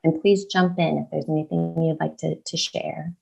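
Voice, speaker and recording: An American woman giving a research talk, her voice sitting low with a gravelly fry. She walks the group through a quoted dream and brings some lively emphasis to the quoted lines. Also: normal speed, lo-fi sound, faint music behind. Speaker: researcher presenting award talk. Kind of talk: lecture presentation with quoted dream.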